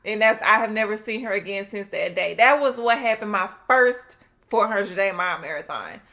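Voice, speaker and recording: A woman's voice: mid-range voice, lively intonation, normal speed, bright, forceful tone. A woman with a Southern US accent, talking candidly and from the heart to her vlog audience at home, recorded on a laptop mic. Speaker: vlogger. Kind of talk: casual talk to camera. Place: at home, indoors. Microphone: laptop built-in mic.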